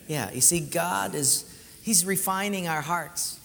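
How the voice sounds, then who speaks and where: In a church hall, a male pastor preaches in a voice a little high for a man, measured in pace and creaky. He tells stories animatedly, swinging from loud bursts to quiet, intimate lines, while long reverb trails through the room over a faint hiss or hum.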